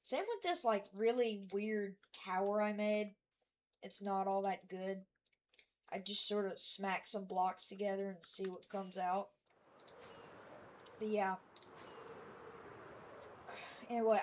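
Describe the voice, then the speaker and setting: Woman, casual gameplay voice-over, mid-pitched, halting and rambly, self-deprecating. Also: fairly even intonation, a little mellow, a little hiss or hum. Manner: rambling and hesitant, with many fillers and restarts; self-deprecating about her own work. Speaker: creator giving a tour of her game world.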